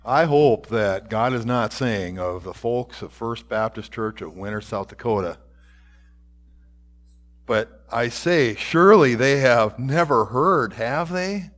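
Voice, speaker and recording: A man preaching a sermon as pastor, reading scripture dramatically and dropping at times to a hushed whisper. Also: mid-range voice, animated, slow.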